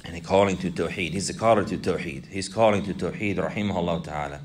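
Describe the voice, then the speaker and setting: A man teaches a class on an Islamic text, reciting Arabic, going over points more than once and quizzing his students. His voice is low and he speaks fast in this explanatory lesson.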